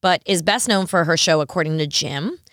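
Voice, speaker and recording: A woman's voice: on the low side, no room sound, studio quality. Chatty New York woman podcast host. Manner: chatty, animated, quick to laugh. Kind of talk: casual chat.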